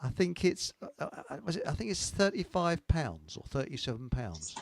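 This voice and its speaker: Gravelly older man hosting. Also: a little high, wildly swooping pitch, moderate pace. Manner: rambling, salty, chuckling. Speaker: host of a live online talk show. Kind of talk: casual live-stream chat and joke telling.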